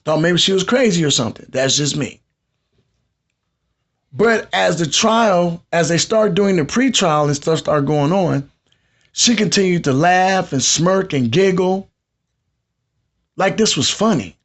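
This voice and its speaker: A man with a fairly high voice, hosting a live podcast. He lectures his audience in a conversational, preachy tone and talks straight to them. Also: expressive, a little slow, pauses often. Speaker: podcast host.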